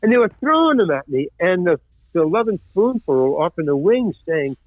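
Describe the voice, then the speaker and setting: An older man, a former stand-up comic, telling lively anecdotes in an interview and acting out the voices of people he quotes. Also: high-pitched, fairly quick, no echo. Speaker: guest, actor and former stand-up comedian. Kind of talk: storytelling interview. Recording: dry, tinny phone-like line.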